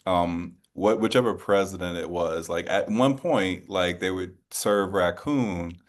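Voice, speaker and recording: A man from New Orleans hosting an interview in a conversational way, often rephrasing and circling as he shapes his questions. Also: sits low. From New Orleans, USA. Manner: halting, rephrases a lot while forming questions. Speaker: interview host.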